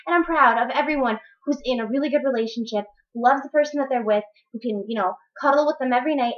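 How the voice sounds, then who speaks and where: Heated, profane young woman ranting. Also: on the high side. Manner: heated, blunt and profane, repeats words for emphasis. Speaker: vlogger. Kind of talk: ranting vlog monologue. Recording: muffled echoey room recording.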